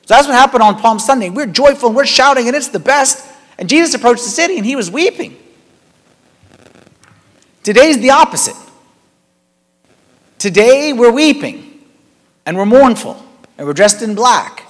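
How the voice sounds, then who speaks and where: Brief: male priest, thirties, high voice, chatty animated sermon, long church reverb. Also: brisk, pauses often. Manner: conversational, animated preaching with rising emphasis. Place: large church hall.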